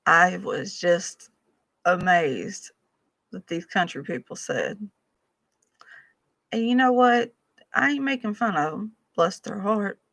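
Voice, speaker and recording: A woman's voice: medium pitch, animated, takes it slowly, creaky, pauses often, fairly bright tone, no room sound. A woman telling folksy, humorous stories from her past in a casual way. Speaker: storyteller vlogger. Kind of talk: casual storytelling.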